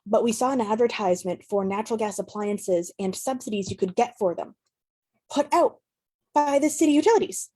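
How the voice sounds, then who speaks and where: A woman's voice: medium pitch, warm tone. A woman speaking as a climate education advocate on an online panel, rambling and emotional, laughing often. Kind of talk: panel discussion on a video call.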